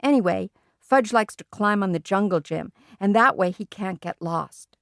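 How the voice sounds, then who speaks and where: A woman reads a children's book aloud in a plain, steady storytelling voice. Her pitch is middling. The recording is dry and close. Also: moderate pace, no echo. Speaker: audiobook reader.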